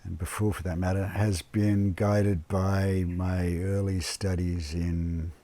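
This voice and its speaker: In a casual interview at home indoors, an eco lodge owner and permaculture gardener speaks in a low voice. He is relaxed and unhurried, with many fillers and restarts.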